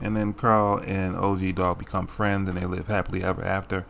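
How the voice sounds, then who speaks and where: Deep-voiced man rambling through a comedy recap. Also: little pitch movement, fairly quick, vocal fry, hardly any pauses, fairly bright tone, slight background noise. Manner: rambling, profane, self-interrupting asides. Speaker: show recap host.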